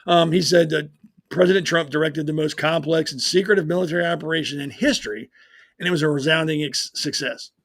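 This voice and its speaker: Gravelly man ranting bluntly as host. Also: on the high side, fairly even intonation, brisk, a bit bright. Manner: blunt, profane, sarcastic ranting. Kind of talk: opinion talk show monologue.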